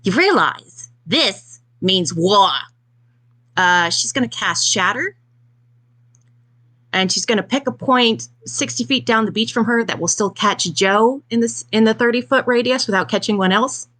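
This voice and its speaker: A woman's voice: fairly high pitch, moderate pace, fairly bright tone. A woman player who methodically narrates her character's moves in a tabletop game, using many filler uhs.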